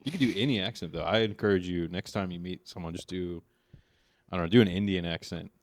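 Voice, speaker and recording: A man's voice: low voice, fast, no echo, studio quality. A young man co-hosting a podcast in casual chat, laid-back and teasing. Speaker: podcast co-host.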